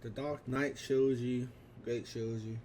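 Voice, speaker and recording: There's slight background noise as a male vlogger in his twenties goes through his film collection in a casual, offhand way, restarting often and using fillers. His medium-pitched voice is darkish, with fairly even intonation and a moderate pace.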